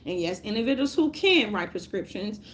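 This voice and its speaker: A woman's voice: medium pitch, sing-song, a little fast, slight background noise. A woman ranting casually to her viewers, rambling and profane, often breaking into laughter. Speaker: vlogger.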